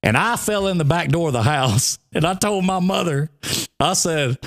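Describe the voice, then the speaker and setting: In casual radio banter, a co-host with a fairly high voice and a Southern drawl works through a long, humorous story at a moderate clip. He's lively and animated, repeatedly cracking up mid-telling.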